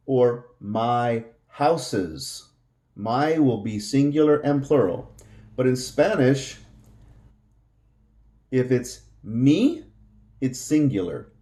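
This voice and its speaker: A man's voice: mid-range voice, dark tone. A man teaching a Spanish lesson, explaining patiently with frequent fillers and repeating each word. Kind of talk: slow explanatory language lesson.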